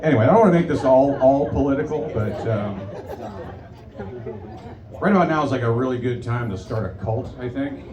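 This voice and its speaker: A man's voice: medium pitch, lively intonation, a little fast, long pauses, muffled recording. Rambling forty-something male stand-up comic. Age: 40s. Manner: rambling, hesitant, profane, lots of ums. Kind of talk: stand-up comedy set. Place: bar comedy stage. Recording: echoey live bar, distant mic, crowd noise. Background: crowd, ambience.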